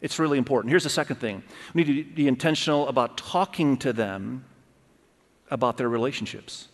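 Earnest middle-aged preacher in a reverberant hall. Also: male voice, mid-range voice, brisk. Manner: earnest, emphatic, repeats key phrases. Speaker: pastor. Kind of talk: sermon. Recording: long reverb of a large hall.

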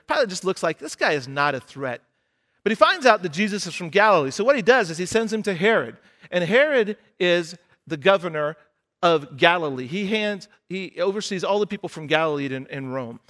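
A man's voice: sits high, pushed and bright. A man preaching a sermon, retelling a scripture story in a conversational way and acting out the characters' lines.

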